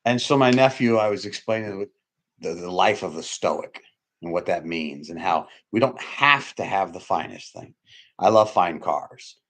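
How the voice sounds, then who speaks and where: Guy preaching off the cuff, rambly, keeps restarting, gets loud then drops way down. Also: low voice, animated, a little slow. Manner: rambling, repeats himself, restarts sentences. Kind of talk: informal sermon.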